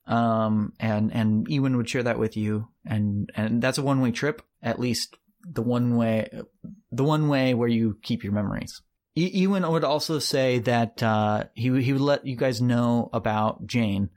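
A man narrating as game master, halting and restarting often as he lays out the options. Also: medium pitch, a little mellow. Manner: halting, many restarts and fillers.

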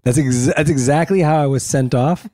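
A middle-aged man co-hosting a relaxed talk, recounting family mishaps with animated impressions. His voice is warm and mellow, recorded close and dry. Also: medium pitch, normal speed, no room sound. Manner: animated storyteller, mimics family members. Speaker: podcast co-host. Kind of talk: casual chat.

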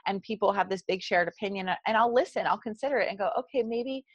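A woman's voice: mid-range voice, quick pace, slightly rough, no echo, highs cut off. A woman in her forties with a South Jersey accent, a meditation guide talking earnestly in a podcast interview. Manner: earnest and animated, talks through examples.

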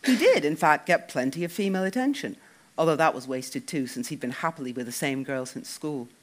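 A man reading a first-person novel, wry and expressive. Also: fairly high pitch, brisk. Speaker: audiobook narrator.

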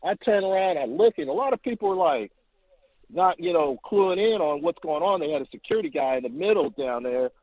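A man calling in to tell a long story, animated and acting out quotes, heard over the phone. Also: fairly quick. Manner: animated, acts out quotes with rising pitch. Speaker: caller. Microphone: telephone. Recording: tinny phone line.

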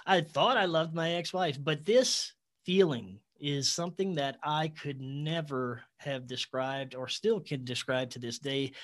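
A man guest telling a long personal story in a casual interview, earnest and animated, acting out quoted dialogue and laughing now and then. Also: medium pitch.

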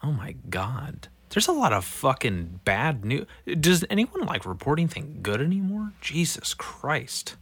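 Foul-mouthed sick man with lively pitch. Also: a little slow, hardly any pauses, breathy edge. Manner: foul-mouthed, swings from mumbling to shouting. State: sick, voice going rough. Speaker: streamer reading news headlines. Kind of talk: casual profane commentary.

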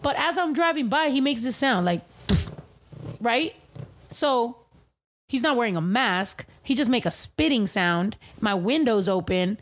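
A young woman telling a story in casual, animated chat, full of swearing. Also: on the high side, measured pace. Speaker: podcast host and rapper.

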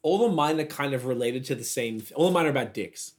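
A man's voice: medium pitch, expressive, quick pace. Teasing podcast co-host, man. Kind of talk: casual podcast banter.

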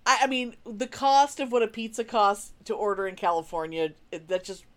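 A woman's voice: mid-range voice, animated, normal speed. A woman in casual chat, laughing and cursing in agreement with her friend's story.

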